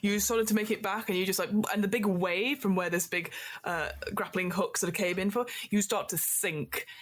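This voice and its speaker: A woman narrating as the game master, lively and laughing, with frequent fillers. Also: medium pitch, normal speed.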